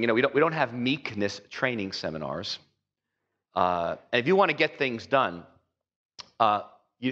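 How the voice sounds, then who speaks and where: A man's voice: medium pitch, fairly bright tone. A man preaching a sermon in a loose, conversational way, full of "you know" asides and little acted-out voices. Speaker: pastor. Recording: dull, echoey hall recording.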